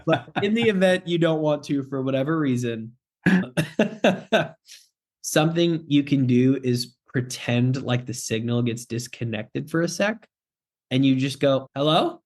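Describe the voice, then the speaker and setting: A man's voice: medium pitch, a little slow, darkish tone. A man, a sales closing expert, chatting on a podcast in a direct, joking way and acting out phone calls. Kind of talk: casual podcast chat.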